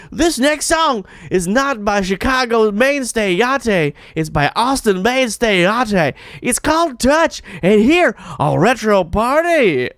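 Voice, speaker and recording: A man's voice: high-pitched, sing-song, measured pace, hardly any pauses, fairly bright tone, dry recording, clean studio sound. A man hosting a casual music show live, goofy and jokey, slipping into silly voices. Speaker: host.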